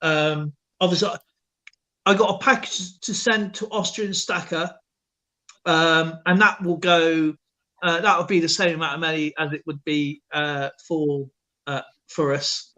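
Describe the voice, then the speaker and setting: A man with a fairly high voice chats casually on a live stream. He rambles and hesitates, filling gaps with ums and uhs. He is heard over a video call from home. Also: steady tone, unhurried, sharp tone, low-quality recording. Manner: rambling, hesitant with many fillers. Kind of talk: casual chat.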